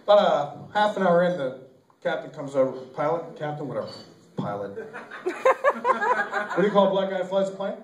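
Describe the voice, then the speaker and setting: A young man performs an amateur stand-up routine at an open mic in a small comedy club or bar, rambling, correcting himself and using many fillers as the audience laughs. His high voice swings hugely in pitch at a moderate pace, a bit bright, with frequent pauses. It was taped from far off on a camcorder in an echoey room with slight background noise.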